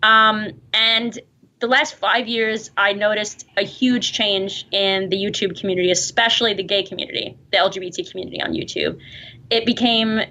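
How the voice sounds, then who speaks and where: A woman in her thirties with a New York accent, a guest in an interview, chatting quickly and laughing as she talks. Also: medium pitch, fairly even intonation, sharp tone. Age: 30s. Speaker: guest, online video creator. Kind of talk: interview conversation. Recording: dull lo-fi replayed clip.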